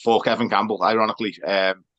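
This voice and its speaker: A man, co-hosting a casual football podcast, telling relaxed anecdotes and laughing often. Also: on the low side, fast talker, highs cut off. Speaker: podcast co-host.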